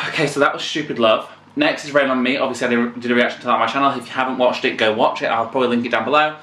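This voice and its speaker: A man hosting a casual album reaction, excitable and swearing, now and then singing along. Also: mid-range voice, very fast. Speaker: music reaction channel host. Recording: echoey room with loud music behind. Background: music playing.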